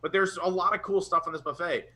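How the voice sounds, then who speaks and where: A man's voice: sits high, fast, pushed and bright. A young man co-hosting a casual live chat, talking with rambling enthusiasm. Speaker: podcast co-host.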